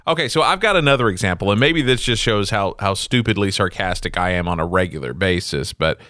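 A man's voice: on the low side, a little fast, no echo. A middle-aged man co-hosting a casual chat podcast, telling stories with acted-out quotes and frequent laughter. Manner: animated storyteller, acts out quotes, laughs often. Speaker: podcast co-host.

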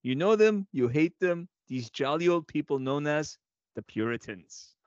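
A slightly high-voiced man presenting a segment on a podcast, laughing often between lines. The sound is dry and a bit dull, like a home setup. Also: animated, a little slow, a little mellow, no room sound. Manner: giggly, presents history bits. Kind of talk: casual comedic chat.

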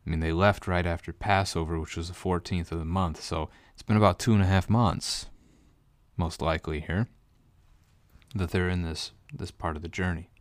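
Male Bible teacher with a very low voice and a dry sound. He explains step by step. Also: steady tone, normal speed, no room sound. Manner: explanatory, walks listeners through details step by step. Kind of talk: conversational Bible study teaching.

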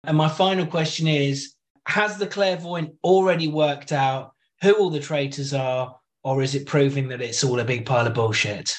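A man's voice: on the high side, moderate pace, hardly any pauses. A man co-hosting a casual TV podcast, with dry jokes between his opinions. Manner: dry, joking. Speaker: podcast co-host. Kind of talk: casual chat.

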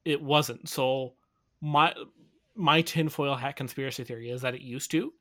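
A man from Canada chats in an easygoing, agreeable way with a dry sense of humor. His voice has a bright, forward tone. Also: medium pitch, steady tone, moderate pace. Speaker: conversation partner. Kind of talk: casual chat.

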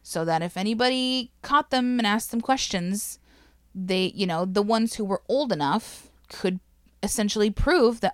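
A woman's voice: mid-range voice, animated, moderate pace, no room sound, clean studio sound. A woman casually telling a history story to a co-host, swearing freely, laughing and getting emotional.

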